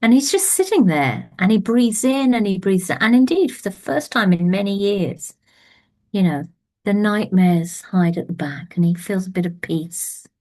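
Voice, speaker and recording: A woman's voice: mid-range voice, animated, warm tone. A woman storyteller telling a folk tale aloud, speaking intimately and often dropping to a whisper. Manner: slow and intimate, dipping to whispers. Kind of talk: oral storytelling.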